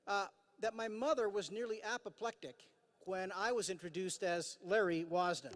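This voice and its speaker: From Idaho, USA, a man in his fifties with a high, fairly bright voice speaks at normal speed while delivering a formal commencement address at a podium microphone. He is earnest, often says "uh," and uses dry self-deprecating humor, all ringing with long reverb in a large hall.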